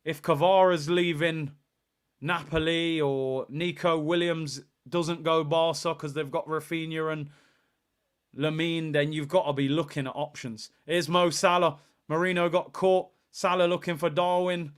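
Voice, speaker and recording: A young man hosting a live football watchalong, commentating on the match, reading out chat messages and shouting when play heats up. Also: a little high, steady tone, a little slow, clean tone.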